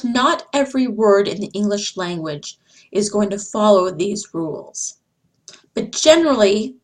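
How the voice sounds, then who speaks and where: A woman giving a slide-based phonics lesson, speaking deliberately and repeating each example sound. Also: medium pitch. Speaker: English teacher.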